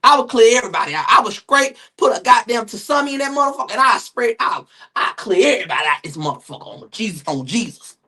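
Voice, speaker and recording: Loud profane man ranting on a stream. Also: sing-song, fast talker, slightly rough. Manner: loud, profane, dramatic rants that jump into high-pitched shouting. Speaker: gossip streamer host. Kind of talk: casual live-stream commentary.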